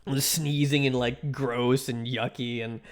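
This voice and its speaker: A man streaming live, chatting with his viewers in a rambling, animated storytelling way, laughing often and poking fun at himself. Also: medium pitch, a little slow, slight background noise. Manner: self-mocking, answers chat directly. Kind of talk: casual live-stream chat.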